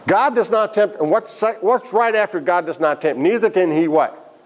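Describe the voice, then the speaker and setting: A man's voice: sits high, moderate pace. A man leading a Bible study class, asking the group questions and making joking asides. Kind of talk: interactive Bible lesson.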